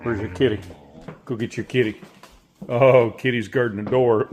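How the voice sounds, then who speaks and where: A man's voice: lowish voice, moderate pace, gravelly, long pauses, a little mellow. A man filming his pets and coaxing them in a teasing, playful voice, swearing casually as he goes. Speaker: pet-owning video creator.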